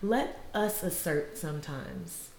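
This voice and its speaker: A woman podcast co-host from Illinois chatting casually, telling stories with lots of laughter and loudly acted-out quotes. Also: lowish voice, slow pace, reverberant, slight background noise. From Illinois, USA. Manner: animated storytelling, laughs often, acts out quotes loudly. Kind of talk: casual chat.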